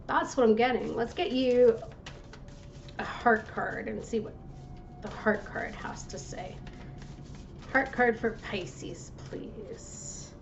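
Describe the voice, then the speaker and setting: A woman giving a tarot reading to her viewers in a gentle, reassuring way, now and then breaking off to apologize. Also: fairly high pitch, fairly even intonation, slow, vocal fry, pauses often, lo-fi sound, music in the background. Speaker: tarot reader.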